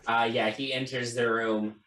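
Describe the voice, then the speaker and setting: A man's voice: medium pitch, flat delivery, normal speed, fairly bright tone, roomy sound, recorded from a distance, rough recording. A man narrating a tabletop game as game master in a casual, filler-heavy way.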